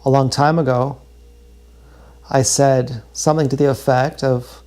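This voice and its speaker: A man livestreaming a raw, emotional confessional monologue, halting and repeating his words. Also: mid-range voice, fairly even intonation, darkish tone.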